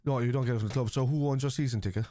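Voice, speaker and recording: A man's voice: medium pitch, very fast, dark tone, no echo. A man, hosting a live football watchalong and answering viewers bluntly, with plenty of swearing. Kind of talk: live stream chat reacting to viewers.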